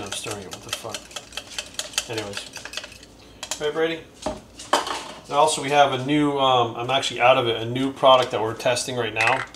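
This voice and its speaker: A young man chatting casually in a vlog, cursing often and getting excitable. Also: mid-range voice, noisy background. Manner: profane and excitable, talks baby talk to his dog. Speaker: bodybuilding coach and vlogger.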